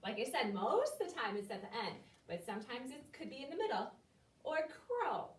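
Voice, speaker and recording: A woman teaching a phonics lesson to young children, slowly sounding out words in a patient way. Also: fairly high pitch, big pitch swings. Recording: echoey room from far off.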